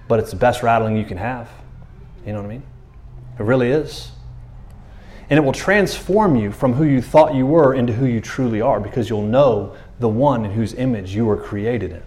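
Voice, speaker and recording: A man delivering a sermon in a loose, conversational way, with a voice of middling pitch. He keeps turning to the listeners with asides. He slips into quick acted-out voices when he quotes someone. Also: a little mellow. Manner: casual, conversational preaching with many asides. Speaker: pastor.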